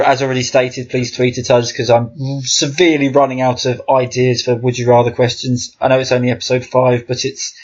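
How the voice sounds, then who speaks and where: A man's voice: mid-range voice, highs cut off. A man co-hosting a casual podcast, chatting with wry, dry jokes. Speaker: podcast co-host. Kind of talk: casual chat.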